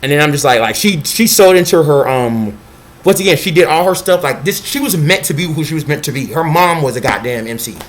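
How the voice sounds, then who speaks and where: A young man rambling in a casual vlog monologue, excitable and profane, jumping between thoughts and acting out quotes. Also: a little fast. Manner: scattered, excitable, profane, acts out quotes in a high voice. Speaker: vlogger.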